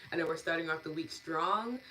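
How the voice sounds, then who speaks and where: A deep-toned woman winds down her live wellness stream, warm and effusive. She reads out viewers' comments and thanks them, laughing easily between her words. A faint hiss sits under her voice. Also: a little fast, rough recording. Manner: warm, gushing, laughs often, lots of fillers. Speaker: EFT and meditation host. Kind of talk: live-stream wrap-up, reading chat comments.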